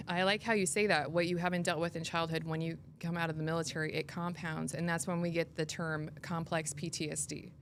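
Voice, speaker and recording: A woman podcast host with a lowish voice talks earnestly and reflectively in a casual conversational interview, often restarting her sentences. There's slight background noise.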